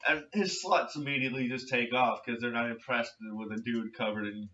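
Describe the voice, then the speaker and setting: A man's voice: mid-range voice, steady tone, brisk, sharp tone, recorded from a distance. A young man hosting a casual movie review chat, rambling and swearing as he retells scenes. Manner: rambling, profane, retells scenes with quoted voices. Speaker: podcast host. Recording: lo-fi, roomy, from off-mic.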